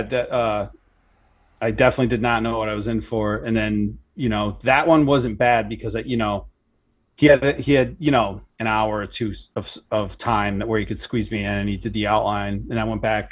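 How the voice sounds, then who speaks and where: Male guest, easygoing talker, low-ish pitch, casual and a bit profane. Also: fairly even intonation, moderate pace. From Connecticut. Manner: loose and easygoing, swears casually, many fillers. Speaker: tattoo artist guest. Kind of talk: casual chat.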